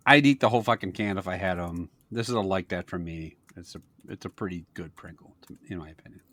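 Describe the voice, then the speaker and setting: A man from Wisconsin, co-hosting a casual snack-tasting podcast and telling rambling, crude, comic stories. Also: fast. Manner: rambling storyteller, crude jokes, lively pitch. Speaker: podcast co-host, snack taster. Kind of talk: casual comedic chat.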